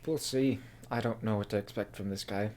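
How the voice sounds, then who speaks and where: Super deep slow guy, dry humor vibe, tabletop game player, faint background hum. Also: steady tone, a little mellow.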